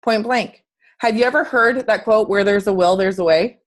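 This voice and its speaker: A woman's voice: on the high side, normal speed. A woman fitness coach giving an earnest, chatty motivational talk on a group video call, asking her listeners questions.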